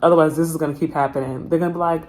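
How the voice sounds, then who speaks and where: A woman's voice: low-pitched, steady tone, rapid-fire, a little mellow. A woman giving a casual tarot reading straight to her viewers, chatty and full of slang. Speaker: tarot reader.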